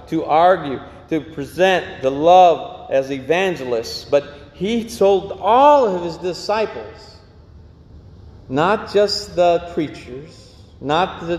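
A man's voice: on the high side, a little mellow. Earnest preaching man in echoey church. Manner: earnest preaching with repeated phrases. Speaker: pastor. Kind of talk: sermon.

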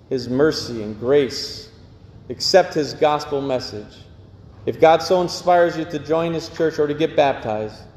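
A male pastor preaches slowly and earnestly, his voice set a little high. He repeats his phrases for the congregation, and the church rings with a long, roomy echo. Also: darkish tone. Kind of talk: sermon. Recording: echoey church hall.

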